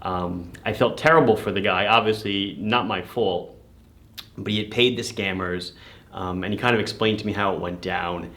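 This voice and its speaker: Brief: amused male shop-owner host, slightly low voice, casual story to camera. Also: fairly even intonation, moderate pace, a bit bright. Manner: chatty, amused, laughs while telling the story.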